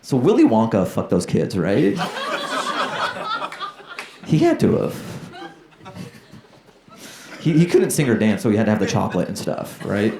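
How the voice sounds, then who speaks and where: A man with a fairly low, warm voice and some vocal fry does a stand-up set on a comedy club stage, loosely chatting with the crowd and acting out voices. The roomy club recording has a little hiss or hum and audience laughter.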